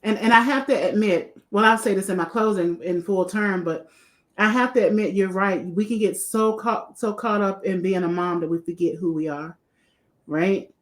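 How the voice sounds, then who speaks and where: A middle-aged woman hosts a podcast in a loose, conversational way. She gushes over her guest and says the same praise twice. Her voice sits at an ordinary pitch, neither high nor low. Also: normal speed. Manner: warm, effusive, repeats praise. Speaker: podcast host. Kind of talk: casual interview chat.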